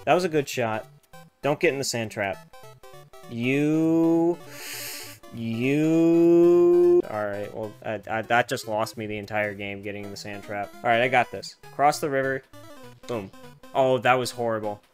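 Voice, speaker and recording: Excitable young man commenting on gameplay. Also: unhurried, faint music behind. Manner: excitable and profane, loud outbursts then low muttering. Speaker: gaming streamer.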